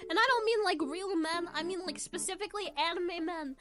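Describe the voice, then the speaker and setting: A young woman streamer chatting casually, brash and playful, swearing and ranting at her chat with sudden shouts. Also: very high voice, a little fast.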